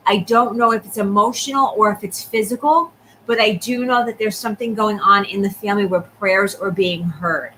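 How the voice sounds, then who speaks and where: Woman psychic medium reading live, talks fast, keeps asking if u understand, bright clear voice. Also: medium pitch, a little hiss or hum, low-quality recording. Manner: rapid, repeatedly checking in with the sitter.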